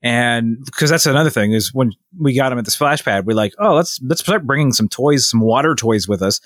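A man at an average pitch rambles through a family story on a chatty podcast, stopping and restarting as he acts out what everyone said. The recording is close and dry, with no room sound. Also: brisk, dry recording. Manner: rambling, animated retelling with many restarts and quoted voices. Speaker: podcast co-host. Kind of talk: casual storytelling chat.

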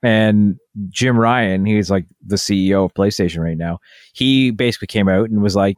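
A man's voice: fairly low pitch, moderate pace, dry recording, studio quality. A man co-hosting a casual chat, explaining at length in a rambling, chatty way. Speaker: podcast co-host.

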